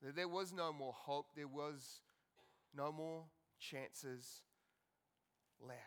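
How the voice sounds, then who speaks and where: A man delivering a church sermon in a high, bright voice. He swings from loud, pressing emphasis down to hushed, quiet passages. His phrasing is repetitive and dramatic, in the way of a pastor at a service. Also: slow, clear, resonant tone.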